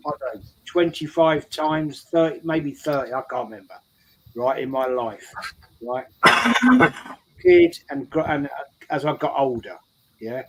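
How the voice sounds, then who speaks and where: A man's voice: fairly high pitch, sing-song, measured pace, long pauses, fairly bright tone, poor audio. A man telling a rambling story in casual chat, repeating his words as he goes. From England. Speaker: show regular. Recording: faint background noise.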